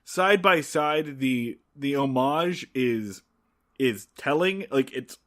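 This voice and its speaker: A man's voice: mid-range voice, expressive, slow pace, a bit bright. A man co-hosting a podcast, chatting casually through a recap with lots of fillers and restarts. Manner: rambling, frequent filler words and restarts. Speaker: podcast co-host. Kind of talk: casual episode recap chat.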